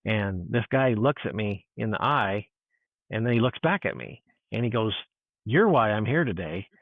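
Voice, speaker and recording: A man telling a personal encounter story in casual chat, animated and full of restarts, acting out what people said. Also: fairly low pitch, moderate pace, dry recording. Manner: animated storyteller, restarts, acts out quoted dialogue. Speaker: guest. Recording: tinny phone-like line.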